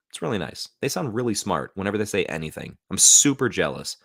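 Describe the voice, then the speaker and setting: A man's voice: on the low side, very animated, quick pace, creaky, a bit bright, dry recording, studio quality. An American man hosting a casual live stream, rambling loosely with lots of fillers. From United States. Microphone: new studio mic.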